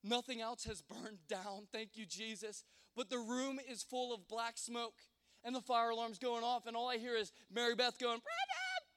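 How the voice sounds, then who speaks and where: A man telling a comic personal story to an audience, lively and rambling, with frequent restarts and fillers. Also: extremely high pitch, normal speed, clean tone. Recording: long hall reverb.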